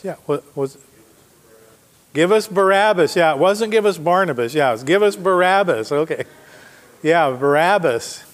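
Male preacher, mid-range voice, teaches verse by verse and quizzes the congregation; long hall reverb. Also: mid-range voice. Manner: teaching Bible verses, reading scripture aloud with emphasis; asks the congregation questions. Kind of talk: sermon. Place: church sanctuary.

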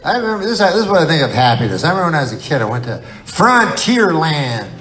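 A man's voice: a little high, big pitch swings, quick pace, fairly bright tone, a little hiss or hum, low-quality recording. A man doing stand-up comedy, telling rambling, profane stories in a loose conversational way. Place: live comedy venue with audience. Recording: live stand-up with crowd laughter. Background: audience laughter.

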